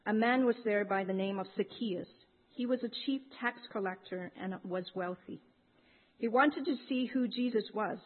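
A woman reading a long scripture passage aloud in a steady, measured way. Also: mid-range voice, slightly rough. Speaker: scripture reader. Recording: narrow phone-like sound.

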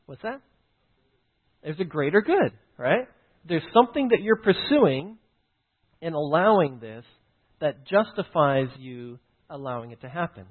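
A man's voice: a little high, very animated, unhurried, husky. A man teaching through a personal story, often stopping to check in with "right?" and "okay?". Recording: tinny phone-like line.

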